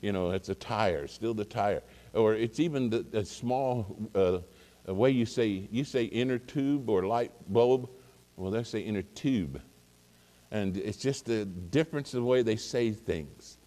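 Rambling preacher in a reverberant hall. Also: male voice, lowish voice, a little slow, dark tone. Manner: rambling, folksy, many fillers and restarts. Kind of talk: casual sermon anecdote.

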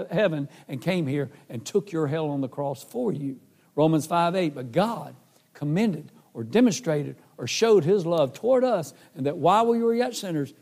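A man's voice: fairly high pitch, darkish tone. Earnest man preaching his testimony. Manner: earnest, emotional, acts out dialogue. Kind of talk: sermon testimony storytelling. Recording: hall reverb.

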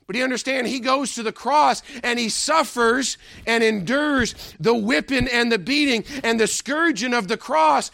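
Gravelly high-voiced emphatic preacher man. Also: sharp tone, dry recording, clean studio sound. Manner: emphatic, rhetorical, repeats a refrain question. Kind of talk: sermon.

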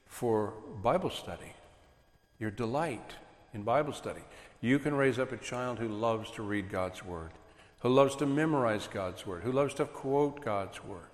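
A man preaching earnestly to a congregation about raising children, animated as he makes his points. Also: mid-range voice. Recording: echoey hall with long reverb.

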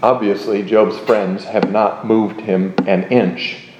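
Man, Bible lecture, deliberate and emphatic, lowish voice, roomy echo. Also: steady tone, muffled recording, slight background noise. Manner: measured, emphatic reading of scripture. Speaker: Bible teacher.

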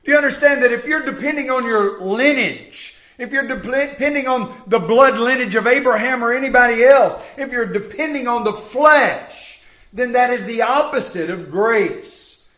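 A man preaching a sermon, acting out the voices of biblical figures and swinging from loud to hushed. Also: very high-pitched. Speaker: pastor. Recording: echoey room.

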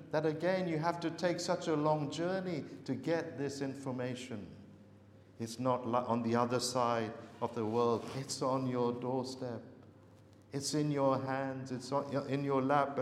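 A man preaching a sermon earnestly, repeating words for emphasis and pausing on fillers. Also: mid-range voice. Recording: echoey hall with long reverb.

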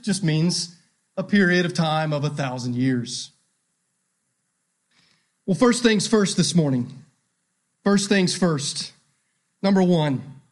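A man in his thirties preaching a sermon, earnest and emphatic, repeating key phrases and slowing for emphasis. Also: high voice. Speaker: pastor.

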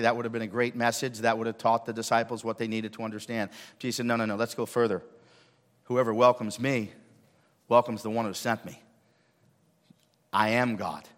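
Male pastor, mid-range voice, animated sermon delivery with rapid questions, reverberant sanctuary recording. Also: medium pitch. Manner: animated preaching, quizzes the congregation with quick questions. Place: church sanctuary. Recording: church service recording with long hall reverb.

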